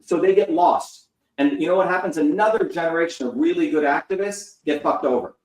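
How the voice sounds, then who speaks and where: A man's voice: a little high, fairly quick, darkish tone. Man in his fifties, interview guest, fiery and profane, lectures hard; echoey room, heard from a distance. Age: 50s. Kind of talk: heated interview talk. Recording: roomy sound, distant from the mic.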